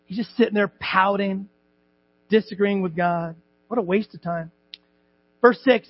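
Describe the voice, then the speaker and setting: A male pastor preaching a sermon in a church, animated and joking, acting out voices and shouting at times. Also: sits high, normal speed, vocal fry, pauses often, husky, dull audio. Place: church sanctuary.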